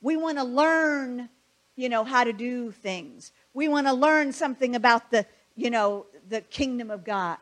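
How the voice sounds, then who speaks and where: A woman's voice: on the high side, measured pace. A woman preaching a conversational sermon, asking her listeners rhetorical questions.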